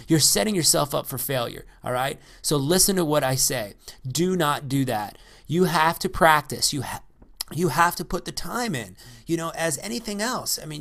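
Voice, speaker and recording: A man giving an unscripted coaching talk into a microphone, energetic and repetitive, often checking in with "all right?". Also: a little high, creaky. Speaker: real estate investing coach. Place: by the ocean.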